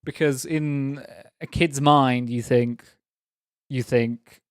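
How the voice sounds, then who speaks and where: Man, young adult, streamer, casual rambling chat, mid-pitched voice, dry close sound. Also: steady tone, slow pace, clean tone, no room sound. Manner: rambling, laughing, teasing chat.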